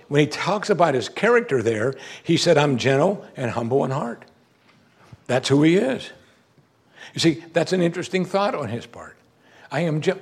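Male pastor, middle-aged, sermon, husky voice, lively swooping pitch, preacherly emphasis. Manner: animated, preacherly, swinging from loud emphasis to low quiet.

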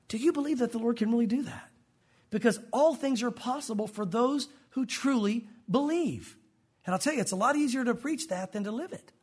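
A man's voice: sits high, a little mellow, husky. A man preaching a sermon as pastor, speaking earnestly and directly to his congregation. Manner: earnest, direct, addresses listeners as guys.

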